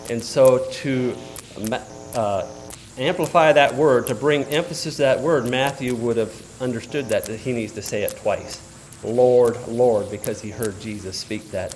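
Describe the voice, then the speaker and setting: A man preaching a sermon in a conversational way, with fillers and questions to the audience, swinging from loud exclamations to quiet asides. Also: mid-range voice, normal speed. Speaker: pastor.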